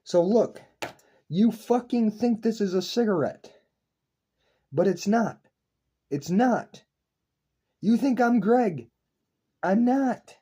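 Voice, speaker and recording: A man's voice: high-pitched, expressive, slow, pauses often, warm tone, slightly rough. A young man lecturing his viewers in an intense, profane, repetitive philosophical rant to camera. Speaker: online video creator.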